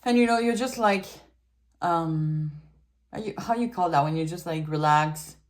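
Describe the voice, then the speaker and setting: Chatty woman, lowish voice. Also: unhurried. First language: French. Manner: chatty and giggly, loose filler-heavy talk. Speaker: tarot reader. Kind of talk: casual tarot reading.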